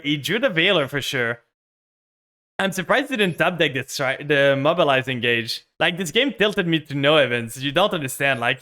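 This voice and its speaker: A man's voice: fairly high pitch, sharp tone, clean tone. A young man streaming a card game, commenting live on his plays and ranting with frustration at his opponent.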